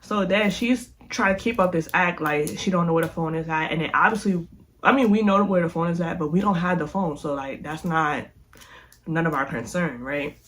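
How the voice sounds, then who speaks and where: A young woman vlogger telling a storytime in a chatty, animated way, speaking straight to her viewers. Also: lowish voice, moderate pace. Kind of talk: casual storytime.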